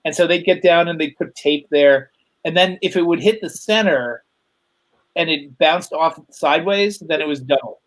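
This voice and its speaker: A middle-aged man with a slightly high voice tells loose, rambling stories as a guest. He talks through a video call, full of fillers and little laughs. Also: moderate pace, poor audio. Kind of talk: casual storytelling chat.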